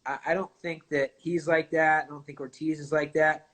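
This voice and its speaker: A man talking as a guest in a casual conversation, relaxed and rambling with many fillers. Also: a little high, normal speed. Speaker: guest, fighter.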